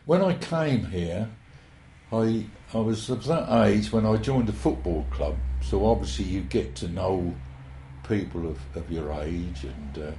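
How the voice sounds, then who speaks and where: A man's voice: fairly low pitch, unhurried, mellow, slight background noise. A man, reminiscing at length in a rambling, hesitant, folksy way. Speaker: interviewee. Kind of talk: oral history reminiscence. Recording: roomy echo.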